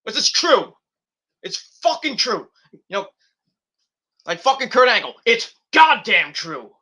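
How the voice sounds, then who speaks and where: Hosting a wrestling review channel, a young man rants heatedly and profanely in a high voice that rings very bright and edgy. He speaks slowly, in a sing-song way.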